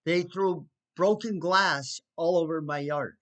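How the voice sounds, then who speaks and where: Slow, indignant man telling a story. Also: on the high side, a bit bright. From United States. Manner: indignant, sarcastic asides, halting restarts. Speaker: storyteller recounting trouble with neighbors. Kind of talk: casual spoken storytelling to camera.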